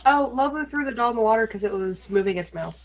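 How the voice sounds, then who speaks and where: A woman player in a tabletop game, bantering in character with teasing, quick comebacks. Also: on the high side, expressive, slight background noise.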